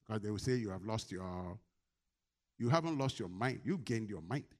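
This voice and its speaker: Emphatic preaching man, loud-then-quiet. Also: lowish voice, animated, moderate pace. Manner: emphatic preaching with call-and-response questions, swinging between loud and quiet. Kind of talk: sermon.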